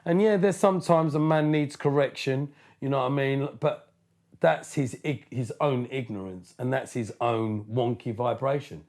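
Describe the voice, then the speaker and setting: A man in his fifties talks with a gravelly, fry-edged voice at an everyday pitch. He is animated and slangy, stumbling over repeated words as he speaks. The feel is a laid-back interview chat. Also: normal speed. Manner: street slang. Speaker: DJ and producer, interview guest.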